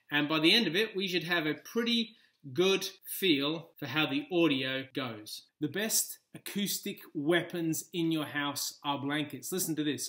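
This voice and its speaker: A man with an Australian accent gives a playful, chatty how-to demo for a video tutorial, speaking in a fairly high, fairly bright voice. He's recorded in a home kitchen through a laptop's built-in mic.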